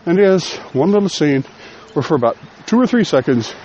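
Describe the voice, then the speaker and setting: A man's voice: fairly high pitch, very animated, fairly quick, darkish tone, highs cut off, slight background noise. A man hosting a casual solo podcast, chatty and self-deprecating, a little out of breath as he walks outdoors. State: slightly out of breath from walking. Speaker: podcast host. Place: outdoors while walking.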